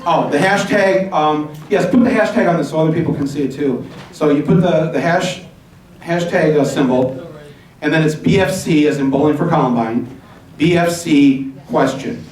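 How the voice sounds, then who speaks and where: A man hosting a live town hall, rambling and urging the audience, spelling out web addresses slowly. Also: a little high, a little mellow. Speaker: event host. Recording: echoey hall from far off.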